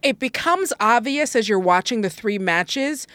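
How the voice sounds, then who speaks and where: A woman's voice: on the high side, lively intonation, measured pace, a bit bright, no room sound. A woman co-hosting a wrestling podcast, wry and sardonic, often laughing in casual chat. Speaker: podcast co-host.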